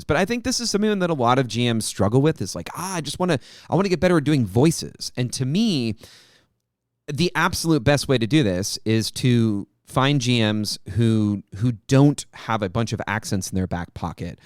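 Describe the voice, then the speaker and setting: A man with a smooth, clear voice gives earnest advice in casual podcast chat. He often repeats words while he builds his point. The sound is dry and close to the mic. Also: mid-range voice, no room sound. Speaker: podcast co-host.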